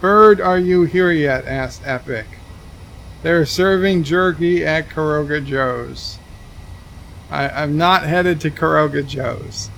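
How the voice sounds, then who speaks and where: Gravelly man reading out stream chat. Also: fairly high pitch, slow, a bit bright, slight background noise. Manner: reads chat aloud, dry asides. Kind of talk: casual livestream commentary.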